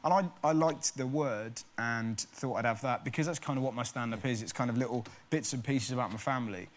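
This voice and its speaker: A man's voice: mid-range voice, a little fast, slight background noise. A man from Bristol, a stand-up comedian, telling family anecdotes on a chat show, laughing and slipping into little voices. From Bristol, England. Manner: laughing storyteller, slips into voices.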